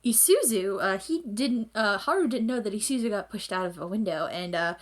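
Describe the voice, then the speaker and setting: A woman giving an excitable, rambling, swear-filled casual recap of an anime episode as a reviewer. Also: mid-range voice, fairly quick.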